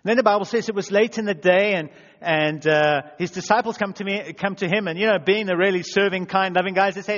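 A pastor preaches a sermon in a voice that sits high, a little fast and fairly bright, being self-deprecating and acting out quotes in little voices. The recording has a dull, echoey church-hall sound.

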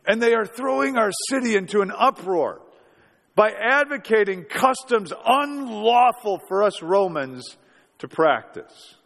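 A man's voice: high-pitched, a bit bright. A man in his forties preaching a sermon, telling a story in a conversational way and asking rhetorical questions. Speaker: pastor. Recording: reverberant hall.

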